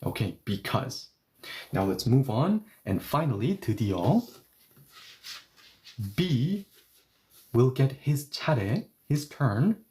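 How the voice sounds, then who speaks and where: A man teaching a grammar lesson, explaining patiently step by step and repeating example sentences slowly. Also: mid-range voice, big pitch swings, dark tone. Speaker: Korean language teacher.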